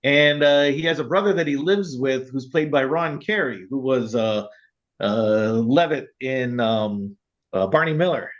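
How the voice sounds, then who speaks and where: A man co-hosting a casual film podcast, rambling with many fillers and laughing as he retells scenes. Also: unhurried. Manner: rambling, laughs often, acts out quotes in a high voice. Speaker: podcast co-host. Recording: dull lo-fi sound.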